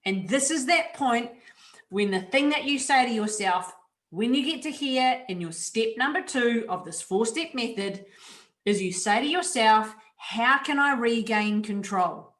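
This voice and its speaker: A woman's voice: a little high, animated, measured pace, roomy sound, far from the mic. A woman co-presenting a webinar over a video call, talking emphatically with casual slang. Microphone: video call mic.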